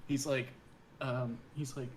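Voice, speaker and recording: A man co-hosting a podcast, telling stories in animated casual chat. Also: mid-range voice, slow pace, low-quality recording. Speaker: podcast co-host. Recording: loud crowd noise behind.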